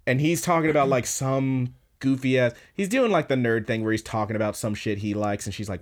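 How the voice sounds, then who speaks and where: Profane, animated male podcast co-host. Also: mid-range voice, fairly quick, few pauses. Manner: profane, animated retelling with quoted voices. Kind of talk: casual recap chat.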